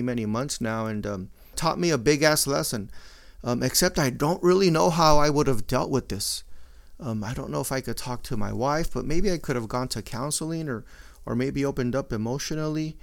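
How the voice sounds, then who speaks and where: A middle-aged man, his voice gravelly with fry. He talks in a casual, blunt monologue full of swearing and Spanish slang. His pitch sits in an ordinary middle range. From Mexican-American. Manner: profane, blunt, mixing Spanish slang into English.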